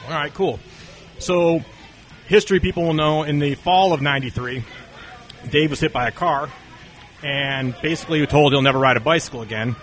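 This interview guest from North Carolina has a slightly high voice, a moderate pace and long pauses. Telling long stories casually, he gets animated and acts out what the people in them said.

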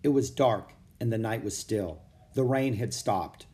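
A man narrating a children's chapter book aloud in a steady, expressive reading. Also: lowish voice, a little slow. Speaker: audiobook narrator. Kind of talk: storybook read-aloud.

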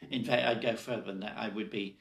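Older male guest, gravelly, measured and emphatic, echoey room. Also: on the low side, steady tone, a bit bright. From Australia. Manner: measured and emphatic, often opening with "look". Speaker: podcast guest. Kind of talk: casual conversational interview.

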